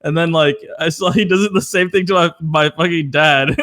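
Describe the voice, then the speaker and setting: A man's voice: fairly high pitch, fairly quick, a bit bright. A young man co-hosting a podcast in casual chat, swearing a lot and calling the other man dude. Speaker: podcast co-host.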